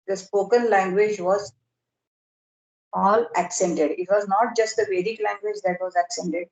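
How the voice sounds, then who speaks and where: A woman lecturing on grammar in a workshop, explaining slowly and deliberately with pauses and fillers. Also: mid-range voice, a little mellow. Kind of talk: academic lecture in an online workshop. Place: video call. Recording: roomy echo.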